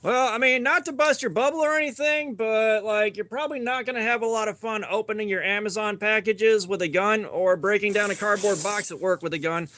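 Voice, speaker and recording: There's slight background noise as a high-voiced man, sounding pushed and bright, hosts a relaxed livestream. He reads out viewer comments and answers them with jokes, rambling, and quick asides.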